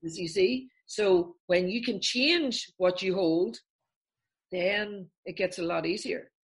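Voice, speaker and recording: A woman therapist, a guest on a podcast, explaining a calming technique step by step and acting out everyday examples in different voices. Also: medium pitch, takes it slowly. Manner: animated, acts out examples in voices.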